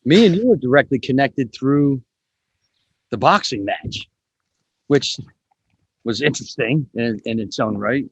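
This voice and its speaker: A man's voice: medium pitch, animated, a little slow, long pauses, slightly rough, dry recording, highs cut off. A man hosting a podcast in a casual, chatty way, swearing now and then. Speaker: podcast host.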